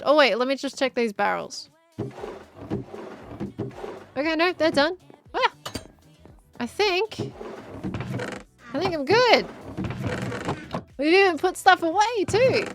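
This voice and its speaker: An Australian woman streamer rambling in casual chat while she plays a game, chatty and quick to giggle. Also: fairly high pitch, a bit bright.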